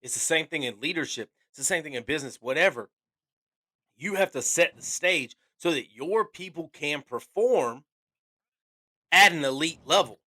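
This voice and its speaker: A man co-hosting a podcast in casual conversation, talking in an animated, emphatic way and repeating phrases for stress. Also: a little high, moderate pace. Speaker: podcast co-host.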